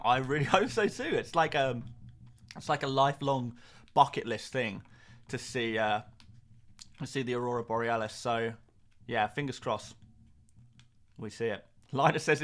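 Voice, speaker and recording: On his live stream, a young fantasy football streamer talks in a fairly bright, medium-pitched voice. Rambling and self-mocking, he reads viewer comments in a chatty way, repeating words and restarting.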